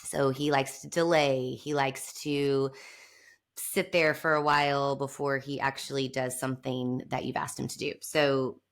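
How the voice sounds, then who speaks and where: A woman's voice: very deep voice, little pitch movement, a little slow. A woman hosting a podcast interview, talking in an easy conversational way with ready laughter. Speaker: podcast host.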